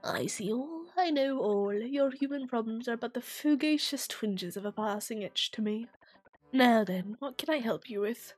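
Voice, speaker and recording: A woman voicing a mysterious, all-seeing fortune teller who speaks in a hushed, solemn and theatrical way. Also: fairly high pitch, animated, normal speed, dry recording, faint music behind.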